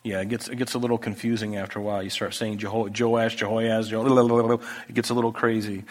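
A man preaching a sermon, talking through the text in a conversational way that moves from hushed to emphatic. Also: fairly low pitch, flat delivery, fairly quick. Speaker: pastor. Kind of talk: expository sermon. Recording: echoey hall with long reverb.

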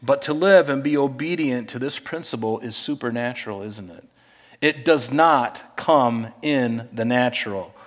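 A man preaching a sermon, animated, swinging between loud emphasis and quiet asides. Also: mid-range voice, unhurried. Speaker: pastor.

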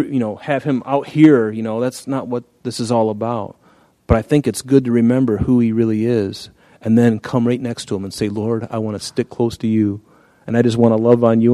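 A man's voice: medium pitch, dark tone, no echo. A man preaching a sermon in an earnest, conversational way, reading scripture and often restarting phrases. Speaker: pastor.

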